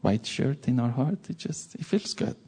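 A man's voice: mid-range voice, animated, normal speed, warm tone, husky. A man preaching a sermon, telling a personal story in an earnest way and repeating words for stress.

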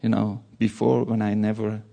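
A man's voice: lowish voice, completely flat delivery, normal speed, creaky, mellow. A man preaching a sermon, telling a personal story in an earnest way and repeating words for stress.

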